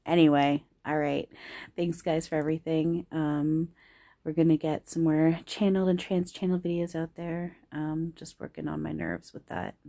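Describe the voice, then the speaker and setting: A woman with a low, gravelly voice rambles to her viewers, giggly and self-teasing. Her tone is mellow and dark, and she speaks close to the camera. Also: little pitch movement, moderate pace. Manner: affectionate toward viewers. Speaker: spiritual channeler and vlogger. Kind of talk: casual chat to camera. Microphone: camera close to face.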